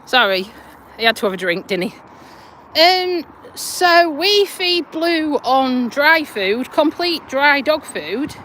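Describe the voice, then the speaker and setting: Out on an urban walk with her dog, a woman livestreams through a handheld phone, chatting in a down-to-earth way with some swearing. Her high-pitched, fairly bright voice is animated but slow, and the rough recording carries a little hiss or hum.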